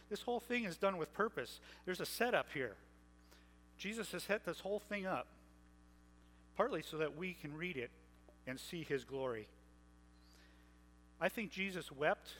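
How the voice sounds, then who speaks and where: A man's voice: fairly high pitch, fairly bright tone, long reverb tail, slight background noise, poor audio. A man preaching a sermon, retelling scripture in a conversational way and slipping into playful modern paraphrases.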